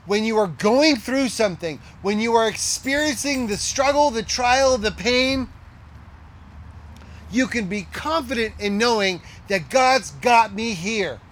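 A middle-aged male pastor delivering a sermon in a notably high voice. He presses his points with emphasis and says key lines twice, sometimes sinking to a near hush. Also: expressive, measured pace. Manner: emphatic, repeats key lines, drops to a hush for quoted words.

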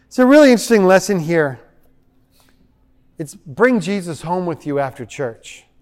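A man pastor preaching a sermon, animated, acting out the voices he quotes. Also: a little high, in a large hall.

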